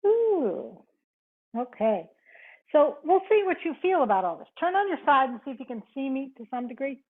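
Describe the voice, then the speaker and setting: A woman's voice: sits high, sing-song, normal speed. A woman yoga instructor cueing a live online class, counting reps, giving short cues and chatting with students. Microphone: video call. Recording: tinny video-call audio.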